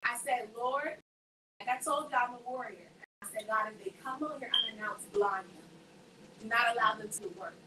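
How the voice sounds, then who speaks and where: A woman's voice: on the high side, normal speed. A woman giving a faith testimony to a group, telling her story with energy and acting out the voices of the people in it. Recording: echoey room, voice from a distance, faint background noise.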